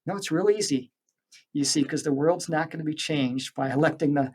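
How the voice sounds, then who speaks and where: A man's voice: fairly high pitch, moderate pace, breathy edge. A man voicing an otherworldly guide who reassures patiently and cheerfully. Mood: reassuring.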